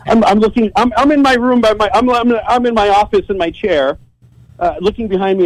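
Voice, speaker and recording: A man's voice: high-pitched, expressive, brisk, dry recording, low-quality recording. A man telling a story as a guest on a podcast, casual and profane, often stumbling and repeating words as he starts a sentence.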